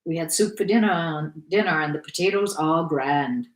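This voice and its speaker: A woman's voice: sits low, normal speed, natural voice. Woman reading as a friendly little peasant soldier. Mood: coaxing. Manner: friendly, coaxing. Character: kindly little male Russian peasant soldier, sing-song. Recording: echoey room.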